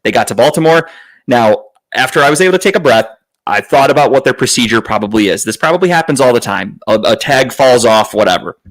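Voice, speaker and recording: A man's voice: medium pitch, expressive, fast talker, poor audio. Podcast host, male, mid-range voice, profane and exasperated, storytelling, with quoted lines acted out. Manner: acts out other people's lines in a raised voice. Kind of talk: casual storytelling chat.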